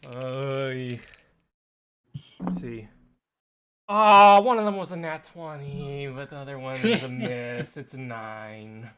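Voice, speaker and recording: A man's voice: medium pitch, slow, a little hiss or hum. A man playing a tabletop game in casual chat, blunt and swearing freely. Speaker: player.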